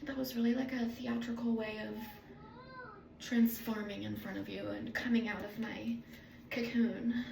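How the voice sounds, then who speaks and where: A woman's voice: on the high side, flat delivery, normal speed, creaky, far from the mic, crowd noise. Woman, casual rambling vlogger, salty and self-mocking, echoey room sound. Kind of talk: casual rambling monologue to camera.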